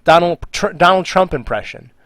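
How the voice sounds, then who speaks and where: A man's voice: high-pitched, normal speed, fairly bright tone, dry recording. A man on a live stream, reading out viewer questions and answering with jokes, trailing off and muttering while he works. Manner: jokey, reads viewer questions aloud. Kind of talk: casual live-stream chat.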